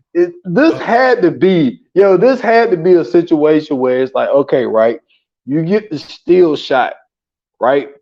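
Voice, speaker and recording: A man's voice: fairly high pitch, dull audio. A man co-hosting a podcast, animatedly retelling comedy scenes in casual chat. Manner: animated, retells scenes doing the characters' lines, laughs a lot. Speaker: podcast co-host. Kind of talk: casual movie-recap chat.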